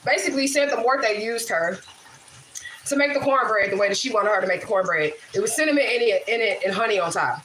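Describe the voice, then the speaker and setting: A woman's voice: fairly high pitch, fast, fairly bright tone. A woman hosting a casual livestream from her home kitchen, telling loose, swearing stories with laughs. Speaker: livestream host and spiritual reader. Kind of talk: casual livestream chat while cooking. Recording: echoey kitchen with faint noise.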